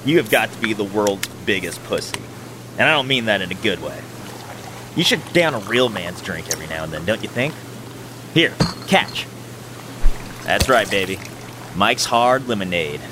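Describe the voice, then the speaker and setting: A man voicing a crude, rowdy young party guy who talks loud and swaggering. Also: lowish voice, lively intonation, moderate pace, pauses often, noisy background, lightly acted.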